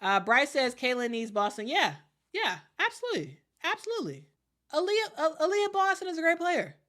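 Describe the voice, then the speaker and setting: Speaking in a high, animated voice with a slightly bright tone, a Chicago woman chats at a moderate pace during a live basketball commentary stream. She reads viewer comments aloud, repeats herself often, and laughs a lot.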